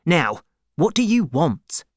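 A woman's voice: deep voice, big pitch swings, slow, no echo, clean studio sound, pitched above the performer's own voice, exaggerated voice. A woman voicing a cold, secretive man in a storybook reading, speaking curtly and impatiently. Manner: curt, hushed and impatient.

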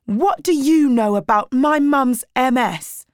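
A woman's voice: mid-range voice, a little slow, no room sound, studio quality, natural voice. A woman voicing a hurt, angry teenage girl with blunt, defiant replies in a storybook reading.

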